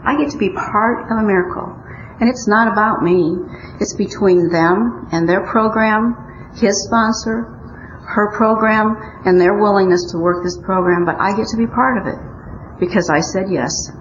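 A woman's voice: mid-range voice, normal speed, slight background noise. An older woman from Omaha, Nebraska, giving a personal recovery talk in an earnest, storytelling way with wry humor. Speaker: speaker at a recovery meeting. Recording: muffled roomy recording.

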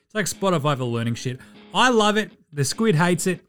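A man's voice: sits high, big pitch swings, fairly quick, a bit bright, faint music behind. Sweary Australian man, casual sports podcast. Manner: profane, ranting, laughs often. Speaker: podcast host.

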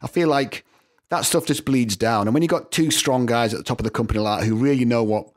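A middle-aged man with a Northern English accent, telling animated stories with frequent laughs as a guest in a casual interview. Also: medium pitch, quick pace. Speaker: guest composer.

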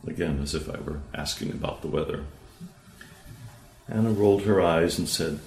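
A man with a deep, low voice reads a therapy case study aloud, calm and measured, acting out the quoted lines of dialogue. His voice rings in an echoey room. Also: vocal fry, faint music behind.

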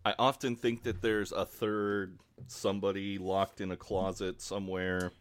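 A man's voice: sits low, level tone, measured pace, clean tone, no room sound. A man co-hosting a podcast, recapping episodes from his notes in a laid-back, chatty way and laughing often. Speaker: podcast co-host. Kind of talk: casual podcast recap chat.

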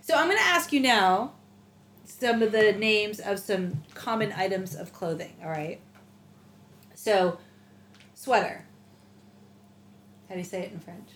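A woman's voice: mid-range voice, expressive, measured pace, long pauses, fairly bright tone. Chatty woman hosting a lesson. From United States. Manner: chatty, asks short prompt questions. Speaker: language lesson host. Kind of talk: casual language lesson. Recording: echoey room with faint noise.

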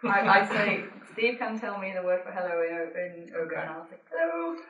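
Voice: medium pitch, moderate pace, sharp tone, dull audio. A player at a tabletop game, playful and giggly. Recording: echoey room, far mic, faint hiss.

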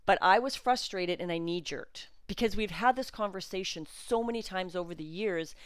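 A woman's voice: fairly low pitch, moderate pace, smooth, no echo. Emotional chatty woman podcaster, dry close sound, lots of ums. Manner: emotional, animated, chatty with fillers. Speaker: podcast host. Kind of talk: personal storytelling monologue.

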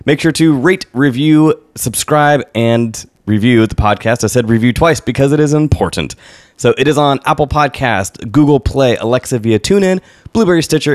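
A man's voice: mid-range voice, no room sound. A man hosting a podcast in a small studio, his voice swinging up and down with energy. He chats casually, laughs a lot and rattles through plugs. The sound is dry and close. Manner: upbeat, laughs often, lists plugs quickly. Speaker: podcast host.

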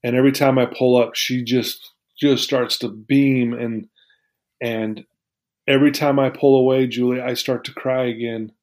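A man's voice: mid-range voice, little pitch movement, normal speed, a little mellow. Earnest man telling a personal story. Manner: earnest, heartfelt and reflective. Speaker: interview guest.

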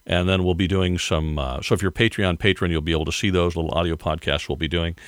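Older male podcast host, low voice, dry close sound, rambling with chuckles. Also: steady tone, quick pace, clean tone, no echo. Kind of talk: casual monologue.

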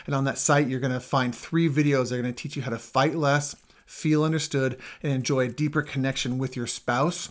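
A middle-aged man co-hosts a marriage show as a marriage coach, speaking briskly with few pauses in a mid-range voice and fairly even intonation. In casual teaching chat, he explains communication habits earnestly and emphatically, building intensity through lists.

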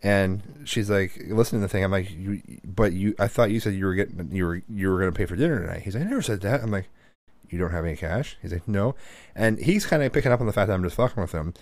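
A man's voice: low voice, animated, quick pace, no room sound. A man in casual chat, a father telling family stories and acting out what his kids said. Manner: storytelling, quoting family members. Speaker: podcast co-host, father.

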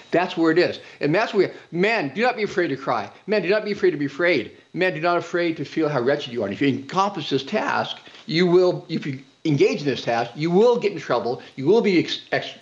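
A man speaking as a guest on a faith show, fervent and preacherly, driving his points home by repeating phrases. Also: fairly high pitch. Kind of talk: impassioned religious talk. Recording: dull lo-fi audio.

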